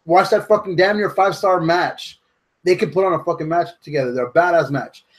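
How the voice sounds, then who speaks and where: A man with a slightly high voice talks wrestling in a loose, rambling way. He swears often and sounds enthusiastic about the matches. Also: a little fast. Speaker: podcast co-host. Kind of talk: casual wrestling chat.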